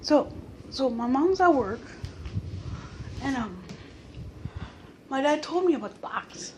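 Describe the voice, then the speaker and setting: A woman in her early twenties telling a personal story to her camera late at night at home, excitable and animated, often restarting her sentences. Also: high voice, takes it slowly, slight background noise. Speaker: vlogger. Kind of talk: casual storytelling vlog.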